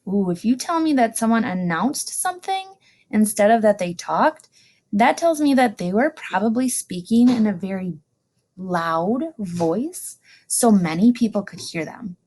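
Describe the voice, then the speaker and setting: A woman teacher giving a recorded lesson to young students, saying each new word slowly and clearly twice, with delighted exclamations. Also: mid-range voice, animated, a little mellow. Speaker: elementary school teacher.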